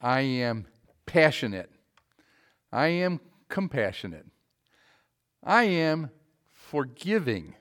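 Preaching to a congregation in church, a man speaks in a mid-range voice with big swings in pitch, taking it slowly with long pauses. He is emphatic, asks his listeners questions, and alternates between loud and soft stretches.

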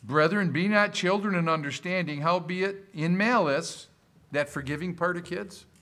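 A pastor preaching a sermon to his congregation, quoting scripture in a lively voice and putting questions to the room. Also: high-pitched, moderate pace. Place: church service.

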